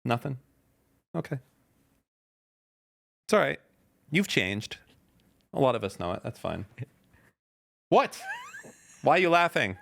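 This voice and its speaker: A man's voice: medium pitch, big pitch swings, slow, gravelly, pauses often, a bit bright. A man in his thirties hosting a podcast, reading tweets aloud and mocking them in casual, sarcastic chat.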